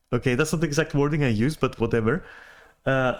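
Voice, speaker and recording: A man talking alone in a casual, unscripted vent, his voice sitting at an ordinary middle pitch. He sounds agitated and exasperated, swears freely and keeps stumbling over restarts as he tries to get his point out. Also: a little fast. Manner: agitated, profane, exasperated rant with many restarts. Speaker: podcaster venting. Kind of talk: casual monologue venting.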